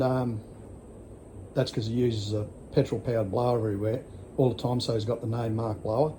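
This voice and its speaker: A man's voice: mid-range voice, warm tone, a little hiss or hum. An Australian man in his sixties telling a rambling story in a casual vlog, blunt and full of swearing. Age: 60s. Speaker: vlogger.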